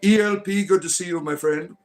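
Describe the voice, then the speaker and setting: A man's voice: high-pitched, brisk. A man hosting a casual livestream, greeting viewers in a rambling, chatty way, often tagging on "right?" and swearing casually. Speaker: livestream host, self-styled bard.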